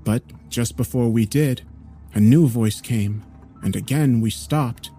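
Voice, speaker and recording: A man narrating a horror story in a measured, grave storytelling manner. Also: mid-range voice, warm tone, soft background music.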